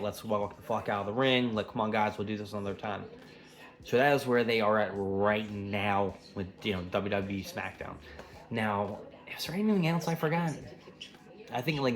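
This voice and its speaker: A man giving a casual, rambling wrestling recap with plenty of swearing. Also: medium pitch. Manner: rambling, profane, conversational.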